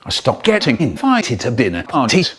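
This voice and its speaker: A man telling comic stories, animated and playful, with exaggerated swoops in his voice. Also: medium pitch, normal speed, breathy edge. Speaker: children's storyteller. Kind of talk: comic storytelling, spliced edit.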